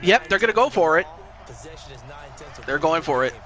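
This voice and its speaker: Bright-voiced man calling plays in a football game. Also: on the high side, expressive, moderate pace. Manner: calls plays, hesitant fillers. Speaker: co-commentator. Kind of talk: casual play-by-play of a video game.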